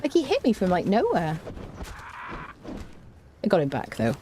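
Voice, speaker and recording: Chatty, lively woman gaming streamer. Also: normal speed, a little hiss or hum. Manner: chatty, hums and sings little tunes while playing; excitable, jumps high in pitch. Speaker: streamer playing a survival game. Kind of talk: casual gameplay commentary.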